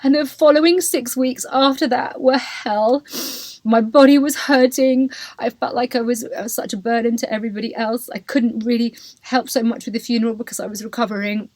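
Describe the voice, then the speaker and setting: A woman's voice: on the high side, fairly even intonation, brisk, a little mellow, no room sound. A woman, hosting a podcast and telling her own story candidly and emotionally, full of "like" and "you know". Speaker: podcast host. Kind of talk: personal storytelling.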